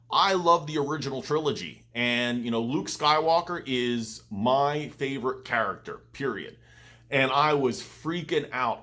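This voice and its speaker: A male vlogger at a middling pitch, talking in a loose, casual way. He rambles through his story with plenty of enthusiasm, circling back and restarting his sentences as he goes. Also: a bit bright. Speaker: vlogger, channel host. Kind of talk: casual vlog chat.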